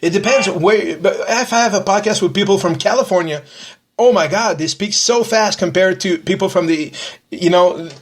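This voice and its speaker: A man from Quebec with a Québécois French accent, hosting a casual podcast in fast, rambling talk full of restarts. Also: high-pitched. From Quebec, Canada. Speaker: podcast host.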